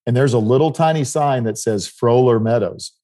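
Mellow-voiced man telling a story. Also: mid-range voice, normal speed. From South Dakota, United States. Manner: rambling anecdotal storytelling with restarts. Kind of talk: casual storytelling.

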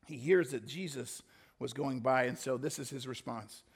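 A man's voice: medium pitch, moderate pace, gravelly, husky. A male pastor preaching a sermon, telling a story with dramatic shifts.

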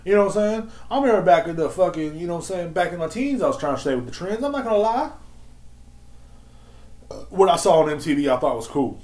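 A man's voice: a little high, lively intonation, racing, few pauses, darkish tone, echoey room. A man in his thirties hosting a solo podcast, ranting in a swaggering, slangy, profane and mocking way. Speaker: podcast host.

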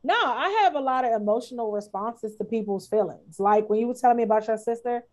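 A woman's voice: a little high, quick pace, a little mellow. A woman co-hosting a podcast, speaking frankly and with empathy in casual chat. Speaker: podcast co-host.

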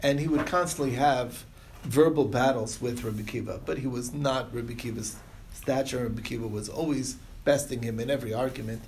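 Gravelly man teaching a casual Talmud class. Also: medium pitch, a little fast, a little mellow, slight background noise. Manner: loose retelling full of fillers and restarts. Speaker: Torah teacher.

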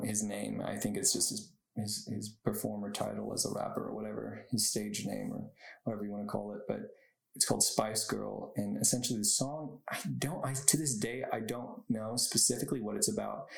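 A young man with a low, gravelly voice hosts a solo podcast, chatting loosely and wandering off on tangents. He laughs a lot as he talks. The room around him is echoey. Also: steady tone, a little fast. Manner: rambling, goes off on tangents, laughs often. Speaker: podcast host. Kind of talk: casual solo podcast chat.

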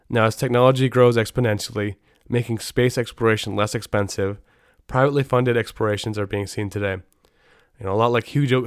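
A man's voice: medium pitch, clear, resonant tone, no room sound, clean studio sound. A middle-aged man hosting a podcast, chatting casually in a rambling way and often restarting his sentences. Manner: rambling, self-interrupting, frequent restarts. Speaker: podcast host.

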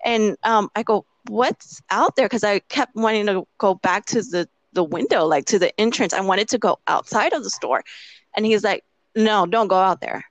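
A woman's voice: medium pitch, normal speed, no room sound, dull audio. A woman telling a personal story in casual chat. She rambles with lots of "like" fillers and acts out the quoted lines. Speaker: interviewee.

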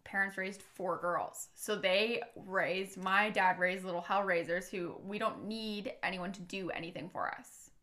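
A woman hosting a podcast, chatting casually and telling lively stories, swearing freely. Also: mid-range voice, measured pace, few pauses. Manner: animated storyteller, swears freely. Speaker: podcast host. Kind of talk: casual chat.

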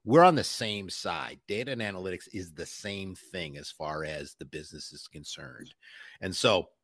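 Male interview guest, deep husky voice, dry close sound, animated storyteller. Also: normal speed, dry recording. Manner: emphatic, animated storytelling with mimicked quotes. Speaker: podcast guest. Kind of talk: conversational interview.

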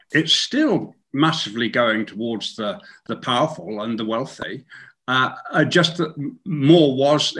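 Man, interviewer, animated pitch, halting delivery, conversational. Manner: halting, searching for words.

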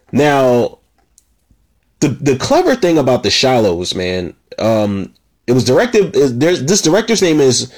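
A man talking through a casual movie review, laid-back and rambling, with profanity, many fillers and frequent restarts. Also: on the low side.

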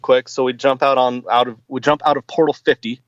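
A man's voice: medium pitch, fairly even intonation, fairly quick, dry recording, dull audio. A man in his forties, a podcast guest, chatting casually and hesitantly with many fillers and restarts. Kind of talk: casual chat.

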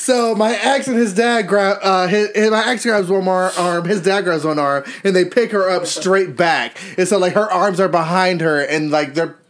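A young man co-hosting a podcast, telling profane, animated gossip stories and mocking other people's voices. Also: high voice, normal speed, hardly any pauses. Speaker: podcast co-host. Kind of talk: casual gossip chat.

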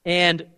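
A young man whose voice sits high preaches a casual, conversational sermon. He's emphatic, swinging between loud and hushed delivery.

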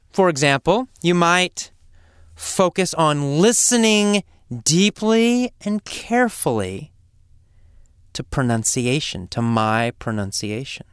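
A man teaching English learners in a slow, emphatic, deliberate way, now and then dropping to a hushed aside for effect. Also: fairly high pitch, clear, resonant tone, no room sound, studio quality. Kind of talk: spoken lesson to learners.

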